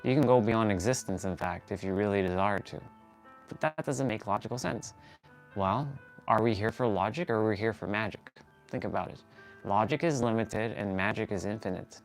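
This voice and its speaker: Earnest rambling man, low voice. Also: normal speed, faint music behind. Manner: earnest, rambling, restarts and corrects himself. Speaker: fitness and motivation livestream host. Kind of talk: motivational talk while stretching.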